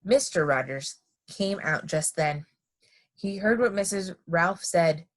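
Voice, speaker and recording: A woman reading a children's picture book aloud in an expressive, lively manner. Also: on the low side, slow. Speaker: storybook reader.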